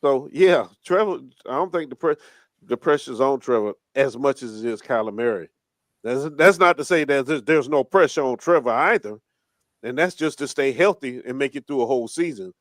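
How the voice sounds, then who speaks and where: A man's voice: mid-range voice, animated, moderate pace, no room sound. Sports podcast guy jumping in, repeats himself, dry close mic. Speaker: podcast co-host. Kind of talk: casual sports chat.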